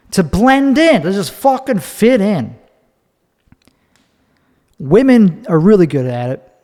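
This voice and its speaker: Profane rambling man, slightly high voice. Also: a little mellow, in a large hall. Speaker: podcast host. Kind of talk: solo podcast monologue. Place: recorded standing up.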